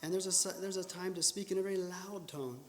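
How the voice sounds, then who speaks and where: A man gives a lively, animated talk on public speaking, his fairly high voice often breaking off to restart a sentence. He is recorded in a church hall. The sound is roomy, with a long reverb tail. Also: fast, a little hiss or hum. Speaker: speaker at a church training session.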